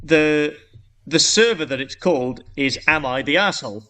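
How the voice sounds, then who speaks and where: A man's voice: fairly high pitch, animated, normal speed, pushed and bright. A man co-hosting a podcast, telling a long joke in a casual, rambling way with frequent restarts. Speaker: podcast co-host.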